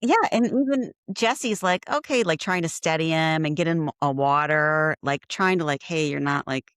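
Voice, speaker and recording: Exasperated woman with a lowish voice. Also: moderate pace, smooth, no echo, clean studio sound. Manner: exasperated, emphatic reactions. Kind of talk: casual gossip chat.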